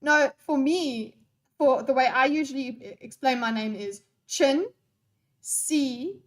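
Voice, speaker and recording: Taking it slowly in a high voice, a young streamer reads chat and talks with her audience in an unscripted live stream. She's scattered and playful, and she swears freely.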